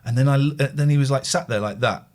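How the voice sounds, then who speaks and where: Talking fast in a medium-pitched voice, a middle-aged phone-in radio host rambles through anecdotes in a chatty, live conversation. There's a slight hiss or hum on the audio.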